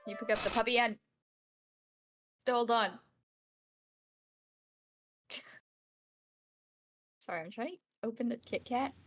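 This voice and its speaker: A woman's voice: fairly high pitch, slow, long pauses, fairly bright tone. A young woman streamer reading a text horror game aloud, playful and laughing often, cooing at pets in baby talk. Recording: music playing behind the voice.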